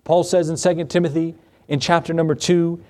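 A man's voice: on the high side, little pitch movement, a little fast, mellow. A male pastor preaching a sermon in a conversational way, with rhetorical questions and repeated phrases.

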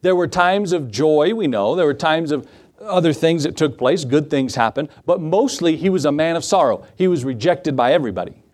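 A man preaching from the pulpit with a slightly high voice. He acts out the lines he quotes and throws asides to his congregation. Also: animated, moderate pace, darkish tone. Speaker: pastor. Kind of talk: sermon.

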